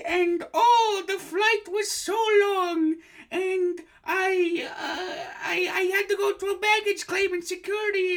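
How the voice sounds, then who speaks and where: A man putting on the high, theatrical voice of a flamboyant older female psychic in a comedy podcast skit. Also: fairly bright tone, exaggerated voice. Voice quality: shrill falsetto, gushing and theatrical.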